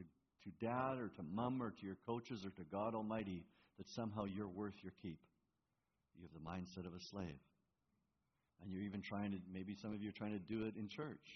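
A man's voice: on the low side, slight background noise. A man preaching a sermon as pastor in a church, earnest and given to stammering, repeating words as he presses his point. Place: church hall. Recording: reverberant, muffled hall recording.

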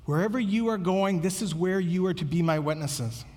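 High-voiced preacher in a reverberant hall. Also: male voice, moderate pace, darkish tone. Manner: earnest, conversational preaching with repeated words. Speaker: pastor. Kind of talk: sermon.

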